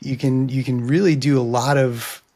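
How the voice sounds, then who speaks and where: A podcast host interviewing a guest, speaking in a measured, thoughtful way with filler ums. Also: mid-range voice, steady tone, dark tone. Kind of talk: interview conversation.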